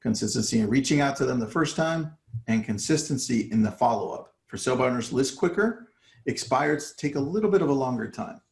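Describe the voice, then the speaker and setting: A man's voice: medium pitch, lively intonation, brisk, gravelly, echoey room. A man coaching real estate agents in a casual live talk, acting out his phone calls with sellers. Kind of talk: live online training talk.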